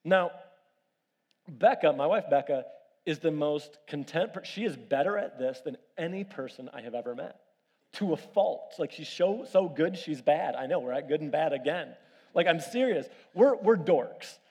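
A man's voice: on the high side, moderate pace, slightly rough. Man preaching a sermon in a large reverberant hall. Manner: animated storytelling with audience questions. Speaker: pastor.

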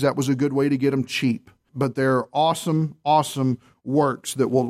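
Male pastor, slightly high pitch, emphatic sermon delivery, reads quotes aloud. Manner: emphatic preaching with rhetorical questions, slows for key words.

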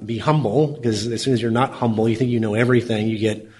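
A man speaking as a podcast guest in a casual interview, halting and restarting often, full of "you know" fillers. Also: lowish voice, little pitch movement, warm tone. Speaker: podcast guest, energy company co-founder.

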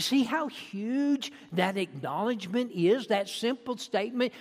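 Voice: mid-range voice, animated, measured pace, hardly any pauses. A preacher delivering a sermon in an earnest, emphatic way, often restarting phrases as the points build. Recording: long reverb in a large hall.

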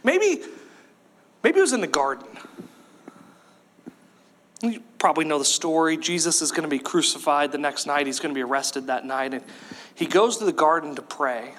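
A man preaching a sermon, animated, acting out voices from the story and at times rising to a shout. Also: a little high, moderate pace, long pauses. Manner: animated, acts out voices of Bible figures, rises to shouts. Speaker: pastor.

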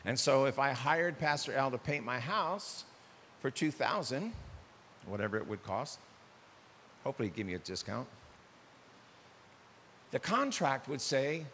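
A man's voice: mid-range voice, unhurried, pauses often. Older male pastor preaching in a reverberant hall. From United States. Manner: animated, acts out dialogue in shifting voices. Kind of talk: sermon. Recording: long hall reverb with faint hiss.

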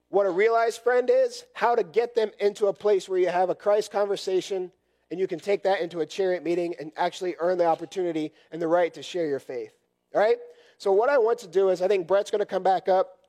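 A hoarse man leading a church training session, talking to a group in a conversational, repetitive way and checking in often with "right?". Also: high voice, a little fast, a little mellow. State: hoarse from a cough. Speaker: session leader at church workshop.

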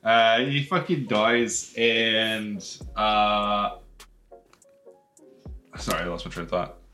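A man's voice: fairly low pitch, fairly even intonation, slow, pushed and bright, soft background music. A congested man casually recapping a movie on a podcast, rambling and swearing with bursts of laughter. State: congested sinuses. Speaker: podcast host.

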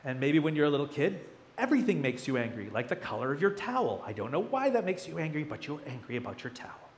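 A man's voice: fairly high pitch, big pitch swings, fast talker, a little hiss or hum. A man in his thirties preaching a sermon as a pastor, conversational and chatty, with playful asides.

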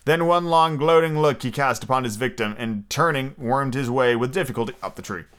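Smooth-voiced man reading aloud. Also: medium pitch, a little fast, fairly bright tone. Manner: casual, with fillers and self-corrections while reading. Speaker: podcast host. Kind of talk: reading a novel aloud with asides.

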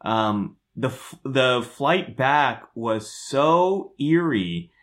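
A man's voice: mid-range voice, extremely slow. A man co-hosting a podcast, casually recounting a personal memory. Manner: relaxed, recounting a personal story with fillers. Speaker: podcast co-host. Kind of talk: casual conversational chat.

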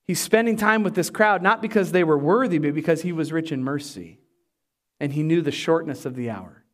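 A pastor delivering a sermon, emphatic and animated, with humorous asides to the congregation. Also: male voice, a little high, brisk.

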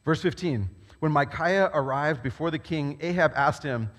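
A man preaching a sermon as a pastor, talking in a conversational, animated storytelling way. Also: on the high side, moderate pace. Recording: long reverb of a large hall.

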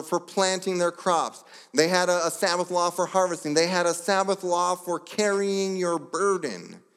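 A pastor delivering a sermon, telling the story with lively asides and brief voiced characters. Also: male voice, high voice. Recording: long hall reverb.

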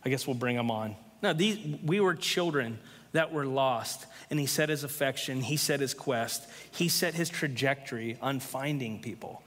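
A man's voice: medium pitch, normal speed, fairly bright tone. Fervent male preacher in a reverberant hall. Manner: impassioned, emphatic preaching. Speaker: pastor. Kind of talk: sermon. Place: church hall, live. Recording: long reverb of a church hall.

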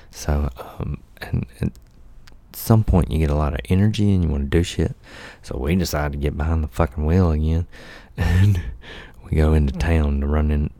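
Man, middle-aged, extremely low voice, dark mellow tone, laid-back cursing storyteller. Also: dry recording. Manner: profane, laid-back, laughs often, acts out quotes. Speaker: podcast host telling life stories. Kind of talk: casual storytelling monologue.

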